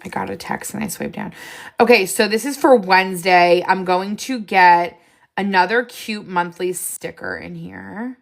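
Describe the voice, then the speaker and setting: An excitable woman chats casually as she hosts a live stream, her voice carrying a gravelly edge. She hops from one idea to the next and laughs often. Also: fairly low pitch, unhurried. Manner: excitable, jumps between ideas, frequent laughs.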